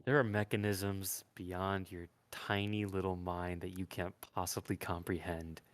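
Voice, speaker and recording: A man playing a male servant of a higher power who speaks with cold condescension. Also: level tone, unhurried. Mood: condescending.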